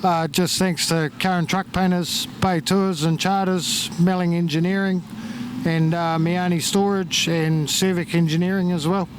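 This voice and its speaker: Laid-back New driver. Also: male voice, high-pitched, steady tone, measured pace. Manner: modest, laid-back, hesitant. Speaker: racing driver. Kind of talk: trackside interview. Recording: loud engine noise outdoors.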